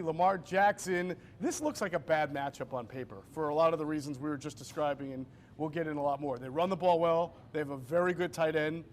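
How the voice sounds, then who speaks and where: A man with a slightly raised pitch hosting a pregame football show, upbeat and brisk as he reads promos and sets up questions. A faint low rumble sits under the recording. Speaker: show host.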